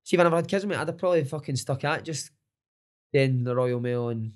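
Scottish guy talking fast, swearing and laughing, football coach chatting away. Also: medium pitch. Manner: swears freely, tells stories with laughs. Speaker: football coach and podcaster, interview guest. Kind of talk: casual interview chat.

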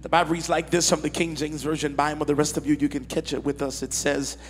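A man preaching a sermon in a large church, reading scripture and rousing the congregation, slow and rising to shouts. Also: on the high side, level tone. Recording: reverberant church hall with music.

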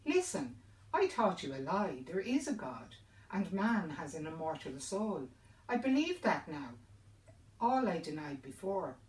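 A woman's voice: deep voice, animated, moderate pace, darkish tone. A woman storyteller voicing a proud, learned male priest who grows desperate, talking in pleading, panicky bursts. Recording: roomy sound from a distant mic.

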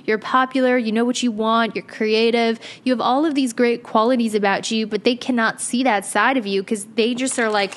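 A woman's voice: on the high side, steady tone, moderate pace, hardly any pauses. A young woman doing a casual tarot reading to camera, chatty, blunt and slangy, swearing now and then. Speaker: tarot reader.

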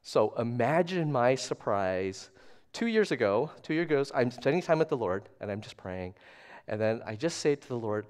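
A middle-aged man giving a storytelling sermon at a church service, chatty and self-deprecating, shifting between hushed asides and loud animated bursts. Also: mid-range voice, moderate pace. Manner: conversational, self-deprecating, often asks "right?". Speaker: guest preacher.

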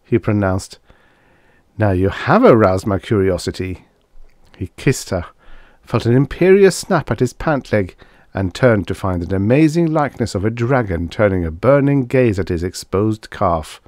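A man narrating a vintage science fiction story aloud in an expressive, lilting storytelling manner. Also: on the low side, normal speed, dry recording, studio quality. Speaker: audiobook narrator. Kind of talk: scripted narration.

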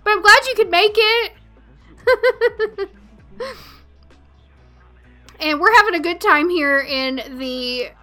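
A woman's voice: high voice, bright, forceful tone. A woman with a Southern accent casually commenting on a life-sim game during a livestream, chatty and often laughing, talking to her viewers. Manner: chatty, giggly, talks to chat. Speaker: gaming livestreamer.

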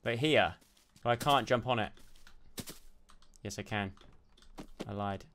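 A young man doing let's play commentary, excitable and jumpy, yelping and shouting when startled. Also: on the low side, takes it slowly, slight background noise. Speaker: gaming YouTuber.

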